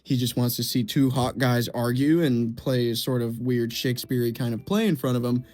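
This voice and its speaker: A man's voice: mid-range voice, steady tone, normal speed, a little mellow. A young man giving heated film commentary, swearing and repeating himself as he rants. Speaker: video essay creator.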